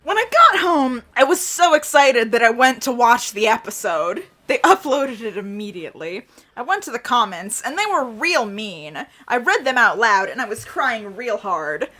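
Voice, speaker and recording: A woman co-host reads fan fiction aloud with giggly, over-the-top drama. Her voice is bright and slightly high. She often breaks into laughter between lines. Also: sing-song, normal speed. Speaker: podcast co-host.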